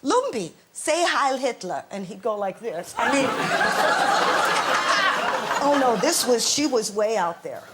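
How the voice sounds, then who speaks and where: A woman guest on a comic panel show, telling funny family stories in an animated, husky voice. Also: medium pitch, a little slow, pauses often, over a noisy crowd, very noisy. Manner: animated storyteller.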